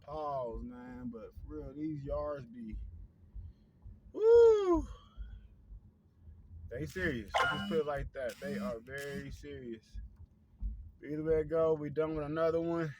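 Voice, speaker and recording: A man's voice: on the high side, fairly even intonation, moderate pace, heavy background noise. A man vlogging in a laid-back, slangy way, tired out after mowing a yard and heading off in his vehicle. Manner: laid-back, slangy, talks straight to the viewers. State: worn out after work. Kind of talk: casual vlog talk to camera.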